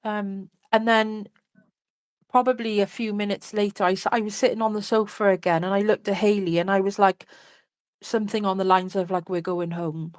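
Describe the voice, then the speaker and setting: Woman, mid-pitch, candid chatty storyteller, dry close mic. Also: flat delivery, a little fast, no echo. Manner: candid, chatty, many fillers like "like" and "you know". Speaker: interview guest. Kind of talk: personal storytelling in an interview.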